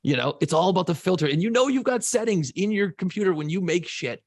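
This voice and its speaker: A laid-back radio host chats on a podcast with a gravelly, husky voice. The sound is dry and close to the mic, and he swears casually as he talks. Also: high voice, expressive, fast talker, no room sound.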